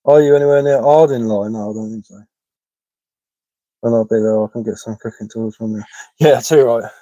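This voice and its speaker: A woodcarver from England hosts a live stream, chatting casually and answering viewers' comments in a West Sussex accent mixed with London. His medium-pitched, dark-toned voice is a little fast, chatty and matter-of-fact, with repeated words and frequent ums. There's no room sound, and the highs are cut off.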